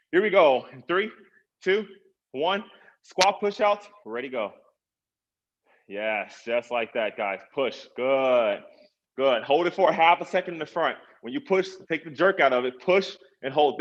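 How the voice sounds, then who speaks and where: A man's voice: on the high side, fairly bright tone, highs cut off. A man, a personal trainer, coaching an online workout class, encouraging people and counting down the reps.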